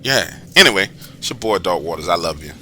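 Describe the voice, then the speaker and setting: A man tells a personal story in a casual, profane monologue, acting out the scenes as he goes. His voice is very bright and cutting. His pitch leaps up and down with lively energy. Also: fast talker, a little hiss or hum. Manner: animated, profane, slangy, re-enacts scenes loudly. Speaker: channel host telling personal stories.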